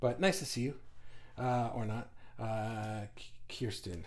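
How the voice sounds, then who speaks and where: A man's voice: medium pitch, unhurried, a little mellow. A man hosting a casual spiritual livestream, answering viewers' chat in a reflective, thinking-aloud way. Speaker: host answering live chat.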